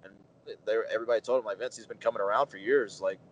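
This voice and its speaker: Interview guest, man in his 30s, lowish voice, lively storyteller who acts out quotes. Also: racing, a little hiss or hum, poor audio. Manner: animated anecdotes, acts out quoted dialogue, many fillers. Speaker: pro wrestler, interview guest.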